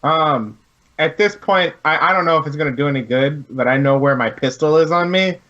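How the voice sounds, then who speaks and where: A man playing a tabletop game, talking quickly and eagerly. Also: a little high, bright, forceful tone, muffled recording. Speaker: player. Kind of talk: casual tabletop play.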